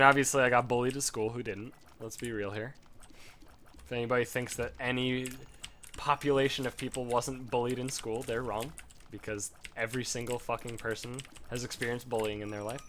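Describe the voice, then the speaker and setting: A man's voice: mid-range voice, fairly bright tone, slight background noise. A young man with a Chicago accent rambling and swearing through casual gameplay commentary. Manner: rambling, profane, frequent fillers. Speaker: let's play host.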